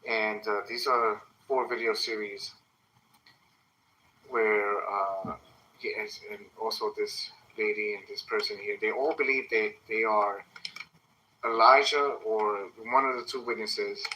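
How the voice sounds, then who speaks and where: A man lays out religious teaching in a steady, explanatory monologue. His low voice has a very bright, sharp edge. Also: a little hiss or hum, poor audio. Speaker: religious YouTuber.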